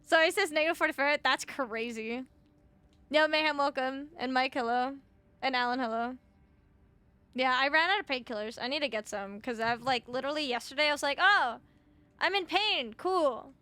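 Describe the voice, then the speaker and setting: A woman's voice: sits high, brisk, pushed and bright, smooth, no room sound. A young woman streaming a video game, chatting casually with her viewers, swearing freely and sounding a little tired and short on sleep. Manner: chatty, swears freely, greets chat by name.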